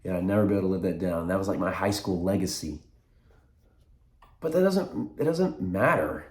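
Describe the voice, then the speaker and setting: A man's voice: low-pitched, expressive, normal speed. A young man in his twenties talking to camera in a rambling, reflective vlog, often stopping to restart his sentences. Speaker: vlogger. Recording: echoey room.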